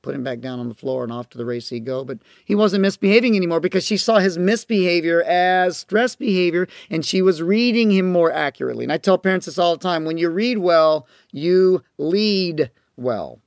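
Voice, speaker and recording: Male parenting coach, raised pitch, gravelly texture, dry studio read, storyteller. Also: expressive, fast talker, few pauses, no echo. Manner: storytelling, acts out parent and child voices. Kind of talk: audio course lecture.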